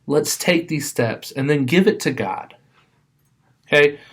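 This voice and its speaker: A man, as a pastor, giving a casual, conversational sermon with frequent restarts, reading scripture more slowly and softly. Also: fairly high pitch, expressive.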